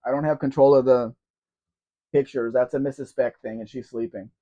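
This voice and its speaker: A man's voice: mid-range voice, steady tone, moderate pace, dark tone. A man with a sore throat hosts a casual live-stream Q&A, reading viewer comments aloud and calling people by name. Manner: chatty and rambling, addressing viewers by name. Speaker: live Q&A host. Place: at home in a room. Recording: dull lo-fi stream audio.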